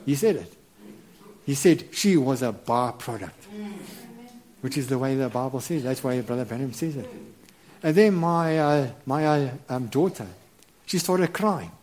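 A middle-aged man preaching a sermon, halting and earnest, with many repeated words and restarts. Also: medium pitch, lively intonation, darkish tone. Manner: earnest and reverent.

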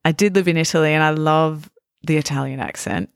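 A woman's voice: low voice, fairly even intonation, brisk, clear, resonant tone, no room sound, studio quality. A woman hosting a podcast and chatting in a friendly way, with frequent ums. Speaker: podcast host. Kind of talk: casual interview chat.

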